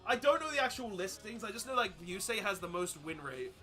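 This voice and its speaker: A young man chatting casually while streaming a card game, rambling and breaking into loud excited outbursts. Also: high-pitched, fairly quick, faint music behind. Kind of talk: casual live-stream commentary while playing.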